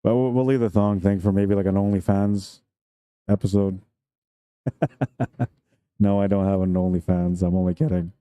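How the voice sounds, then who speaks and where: A man's voice: deep voice, little pitch movement, moderate pace, pauses often, dark tone, no room sound. A man commentating a pool tournament live stream, chatty and jokey, laughing often between remarks.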